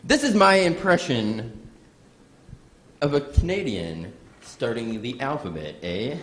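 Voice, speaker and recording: Animated man doing stand-up in a roomy club. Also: mid-range voice, takes it slowly, slight background noise. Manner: animated storytelling, audience asides. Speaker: stand-up comedian. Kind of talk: stand-up comedy set. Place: comedy club stage with live audience. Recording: roomy live venue sound.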